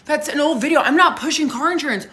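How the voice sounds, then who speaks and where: A hungover young woman tells a storytime vlog, dropping swear words through nearly every line. Her voice sits fairly high and she tells it with animated indignation. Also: quick pace.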